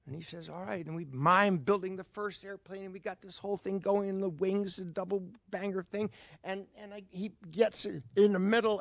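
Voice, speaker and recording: A man in his sixties tells a personal story from a theater stage in a fairly high voice. He acts out every exchange and bursts into shouts. The sound is dry and close. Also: normal speed, creaky, dry recording. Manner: animated, acts out dialogue with shouts.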